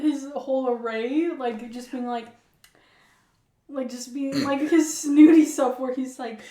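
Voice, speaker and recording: A podcast co-host chats casually, laughing often and trailing off into filler words. Her high-pitched, warm voice holds a steady tone at a measured pace, recorded in an echoey room with faint noise.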